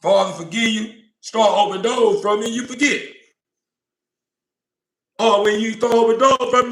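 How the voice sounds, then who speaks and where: A man's voice: very high voice, moderate pace, a bit bright. A man delivering a blunt, profane, impassioned monologue about God, acting out God and doubters in turn. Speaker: informal preacher. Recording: roomy echo.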